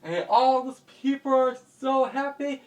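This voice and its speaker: A man narrating a homemade story for a vlog in a slow, animated way. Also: extremely high pitch. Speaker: vlogger and storyteller. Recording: distant mic with background noise.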